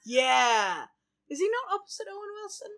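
A woman's voice: high-pitched, big pitch swings, moderate pace, fairly bright tone. A woman co-hosting a casual podcast chat, sarcastic and gleeful. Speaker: podcast co-host.

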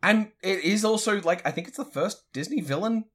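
A man's voice: sits high, lively intonation, brisk, fairly bright tone. A man co-hosting a podcast, chatting casually in a dry, offhand way and laughing easily. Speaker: podcast co-host. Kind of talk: casual chat.

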